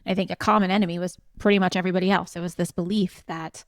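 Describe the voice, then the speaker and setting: A woman's voice: on the low side, fairly even intonation, racing, few pauses, dry recording, clean studio sound. A woman in her forties co-hosting a podcast, telling a story in an earnest, passionate way. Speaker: podcast co-host. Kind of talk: reflective conversational podcast talk.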